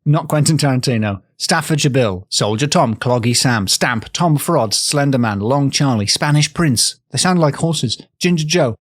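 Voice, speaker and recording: A man's voice: medium pitch, lively intonation, normal speed, few pauses, dry recording. A man co-hosting a comedy podcast, telling folklore tales in a dry, teasing manner. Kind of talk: casual comedic podcast chat.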